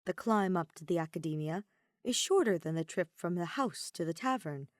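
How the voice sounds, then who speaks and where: A woman narrating fan fiction as an audiobook, in a measured, reflective read. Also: fairly low pitch, animated, no echo, clean studio sound. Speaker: podfic reader.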